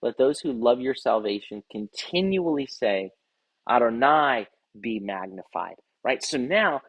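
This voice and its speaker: A man's voice: mid-range voice, lively intonation, unhurried, slightly rough, dry recording, dull audio. A man as rabbi giving an earnest devotional Bible teaching, often repeating words as he reads scripture aloud.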